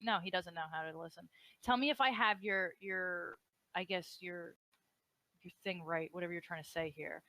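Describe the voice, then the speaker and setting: A woman's voice: lowish voice, normal speed, sharp tone, no echo. A woman on voice chat takes charge of a messy argument, bossy and exasperated, swearing as she cuts people off. Her voice sits in a dry, close sound with no room around it. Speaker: co-host of an online debate stream. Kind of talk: heated casual argument.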